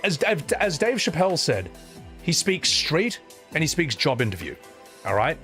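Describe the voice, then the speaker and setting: A man's voice: a little high, unhurried, soft background music. A man chatting casually on a live stream, reading out viewer messages and answering them with sarcastic, swearing rants. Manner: animated, sarcastic, swears, says "man" a lot. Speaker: streamer reading super chats.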